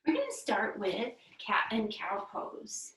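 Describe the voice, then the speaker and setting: A woman's voice: mid-range voice, very animated, takes it slowly, distant mic, a little hiss or hum. Playful woman teaching kids yoga, roomy. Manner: gentle, encouraging, playful. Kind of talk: guided kids yoga instruction. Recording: echoey room, away from the mic.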